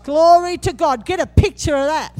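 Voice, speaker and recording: A woman preaching a sermon, animated and humorous, acting out scripture quotes with sudden jumps in voice. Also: high voice, normal speed, faint music behind.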